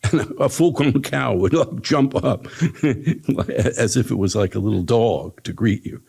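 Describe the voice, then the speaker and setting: A man giving a casual spiritual teaching talk at an ashram, telling a story with frequent chuckles and a rambling, relaxed manner. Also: mid-range voice, measured pace, vocal fry, slightly rough. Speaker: meditation teacher.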